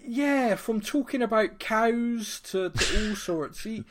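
A man's voice: sits high, expressive, slow, noisy background. A man in his thirties with a Bristolian accent, co-hosting a podcast in casual chat, self-mocking and stumbling over repeated words. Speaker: podcast co-host.

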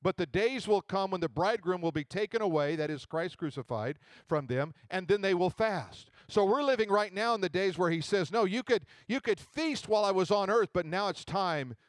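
A middle-aged man preaching a sermon, swinging between loud emphatic bursts and slow drawn-out scripture lines. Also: sits high, no room sound. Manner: animated preaching with swells of volume and drawn-out scripture readings. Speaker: pastor.

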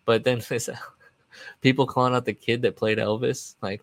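A man's voice: medium pitch, steady tone, fairly quick, dry recording. A man hosting a casual solo podcast, rambling from one aside to the next and chuckling at his own remarks. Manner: rambling and digressive, trails off and restarts. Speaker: podcast host.

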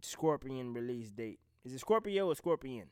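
A man's voice: medium pitch, normal speed, smooth, no room sound, studio quality. Blunt, profane man from the South. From American South. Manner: blunt, profane, animated, trails off and restarts. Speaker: vlogger reacting to rap beef. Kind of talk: casual unscripted commentary.

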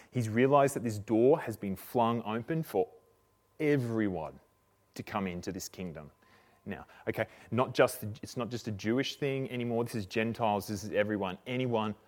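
A man preaching a sermon, retelling a story in a relaxed, chatty way with slang and frequent restarts. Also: on the low side.

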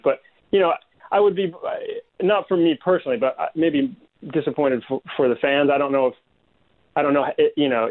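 A man being interviewed as a guest artist, speaking hesitantly with many ums. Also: medium pitch. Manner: hesitant, soft-spoken, full of ums. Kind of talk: casual interview chat. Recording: tinny phone-like line.

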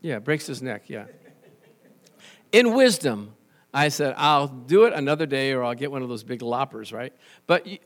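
A man preaching a sermon as pastor, animated and conversational, telling stories and restarting phrases. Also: medium pitch, moderate pace.

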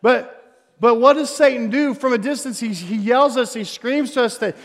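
A male pastor preaching a sermon on stage, animated and jokey, swinging between loud emphasis and hushed tones. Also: very high-pitched, moderate pace, in a large hall. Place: church stage before a congregation.

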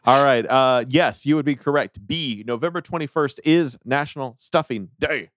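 A man's voice: medium pitch, normal speed, a bit bright, dry recording. Podcast host, man, mid-range voice, quizmaster with lots of "uh"s, dry close sound. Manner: hesitant, many fillers, easily laughing. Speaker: podcast host running a trivia game. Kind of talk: casual podcast chat.

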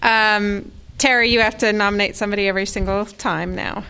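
A woman's voice: medium pitch, fairly even intonation, a little fast, bright, forceful tone, a little hiss or hum, low-quality recording. A woman hosting a reading event who talks in a bubbly, effusive way. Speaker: event host.

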